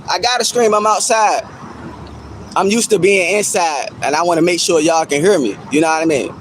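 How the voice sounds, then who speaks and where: Male streamer, high-pitched, mocking and repetitive with chat, outdoors, faint background noise. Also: brisk, poor audio. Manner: teasing, laughing at chat, repeats himself. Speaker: livestreamer reacting to chat. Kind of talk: casual livestream chat.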